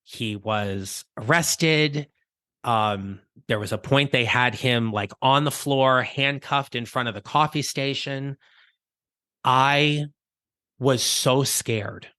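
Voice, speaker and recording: Man, podcast host, bright and clear tone, dry close-mic sound, reflective storytelling, casual restarts. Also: mid-range voice, slow pace, no room sound. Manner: conversational, reflective, with small restarts. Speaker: podcast host and career coach. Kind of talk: personal storytelling monologue.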